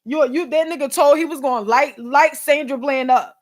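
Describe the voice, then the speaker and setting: A woman's voice: high-pitched, moderate pace. A young woman from Philadelphia, upset and near tears, ranting bluntly and with heavy profanity on a live stream. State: tearful and upset. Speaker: vlogger and podcast host. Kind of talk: emotional live-stream rant.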